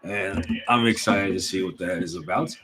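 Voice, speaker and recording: Excitable young man recapping a manga chapter. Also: low voice, moderate pace, a crowd in the background, poor audio. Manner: excitable, slangy, reads out character lines. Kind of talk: casual recap and reaction.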